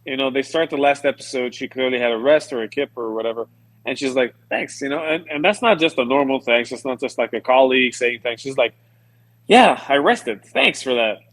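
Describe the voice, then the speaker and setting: A man co-hosting a casual podcast, talking in a relaxed, musing way. His pitch sits in an ordinary middle range. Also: fast talker. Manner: relaxed, musing, uses British slang. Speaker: podcast co-host. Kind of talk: casual chat.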